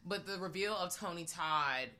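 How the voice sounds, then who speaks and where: A young adult woman co-hosting a casual movie review chat, animated and breaking into loud acted-out reactions. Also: fairly low pitch, normal speed. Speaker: podcast co-host.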